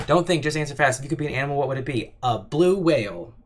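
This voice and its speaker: A man's voice: mid-range voice, slight background noise. A man chatting casually on a livestream, rambling and joking with lots of fillers while reading out chat. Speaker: streamer answering chat.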